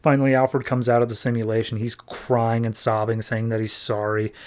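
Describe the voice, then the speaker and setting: A man's voice: mid-range voice, level tone, moderate pace, darkish tone. A man hosting a podcast, casually recapping a comic book in a chatty, filler-heavy way. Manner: chatty, filler-heavy, retells scenes in quoted paraphrase. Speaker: podcast host.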